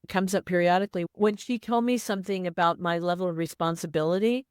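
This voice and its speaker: Earnest low-voiced woman chatting. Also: quick pace, clear, resonant tone, dry recording, studio quality. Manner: earnest, repeats phrases for emphasis. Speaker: podcast co-host. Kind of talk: casual chat.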